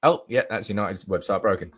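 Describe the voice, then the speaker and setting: A young man live streaming as a football fan, chatting excitedly, reading comments aloud and swearing with bursts of shouting, at a desk mic indoors. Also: lowish voice, fast, slightly rough.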